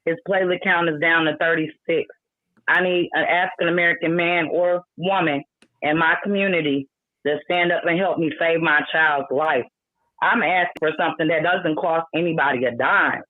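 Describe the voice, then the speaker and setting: A woman's voice: sits low, steady tone, normal speed, no room sound. A woman with a Milwaukee accent calls in to a radio show and speaks earnestly, pleading and plainly frustrated. She comes through a thin, tinny phone line with a dry, close sound. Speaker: caller.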